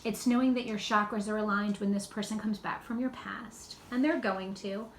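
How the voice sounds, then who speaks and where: A woman's voice: mid-range voice, fairly even intonation, normal speed. A woman giving a casual, rambling tarot card reading in a loose, spiritual way. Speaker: tarot reader. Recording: echoey room with faint background noise.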